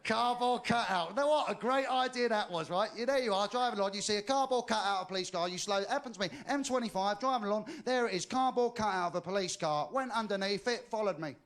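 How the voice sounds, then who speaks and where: A man doing stand-up, telling jokes and acting out quick back-and-forth dialogue. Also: sits high, a bit bright. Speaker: stand-up comedian.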